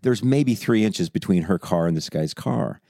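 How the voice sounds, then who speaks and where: A man telling a story in casual chat, rambling and animated, acting out the people he quotes. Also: low-pitched, moderate pace, gravelly, dry recording, studio quality. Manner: rambling, animated, puts on voices when quoting.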